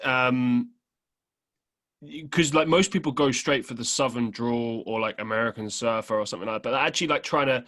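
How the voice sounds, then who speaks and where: A man's voice: medium pitch, normal speed, a bit bright. A man from Britain hosting a podcast, chatting casually and agreeably with his guest. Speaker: podcast host. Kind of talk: casual interview chat.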